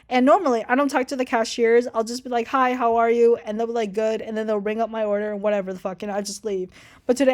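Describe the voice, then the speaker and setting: A woman's voice: on the high side, a little mellow. A young woman telling a casual storytime, chatty and swearing a lot, voicing people she quotes with animation. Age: young adult. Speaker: vlogger.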